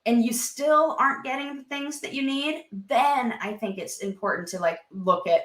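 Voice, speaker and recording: A woman's voice: sits high, normal speed, a bit bright, reverberant. A woman in her thirties, a therapist and podcast guest, chatting casually and acting out quoted inner voices with the odd swear. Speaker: licensed marriage and family therapist, guest.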